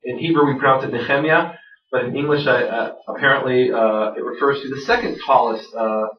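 A man's voice: mid-range voice, steady tone, fairly quick. A man giving a conversational lecture to a live audience, self-deprecating, with many fillers and restarts. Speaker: lecturer on biblical grammar. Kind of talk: classroom lecture with jokes. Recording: roomy, distant, dull lo-fi sound.

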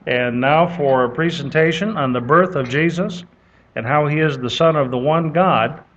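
A man's voice: on the high side, normal speed, fairly bright tone. A man hosting a church seminar, introducing the next speaker in a teasing, chatty way. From northern United States. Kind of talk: folksy joking introduction. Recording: dull lo-fi audio with faint hiss.

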